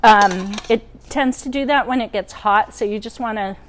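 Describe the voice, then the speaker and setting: A woman's voice: a little high, normal speed, noisy background. A woman hosting a cooking demonstration, chatty with frequent ums, over pans sizzling and utensils clinking. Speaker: cooking show host. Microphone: wearing a microphone.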